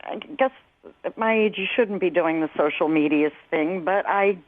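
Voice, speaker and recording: A woman in her forties calling in to a radio show, sheepish and flustered, turning animated as she retells things. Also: fairly low pitch, normal speed. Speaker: caller. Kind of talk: phone-in chat on a radio show. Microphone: phone. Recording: tinny phone line.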